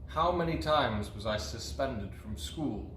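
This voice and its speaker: A man's voice: medium pitch, lively intonation, unhurried, a bit bright. A man with a Manchester English accent, playing a party game in casual chat with dry, playful humor. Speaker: game player. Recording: roomy room with faint noise.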